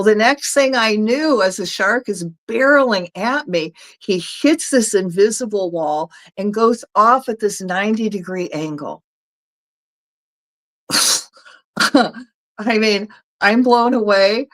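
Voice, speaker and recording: A woman host telling a personal story in an easygoing, conversational way. She talks slowly, laughs between phrases and leans on casual fillers. Her voice sits at a middle pitch. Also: a bit bright.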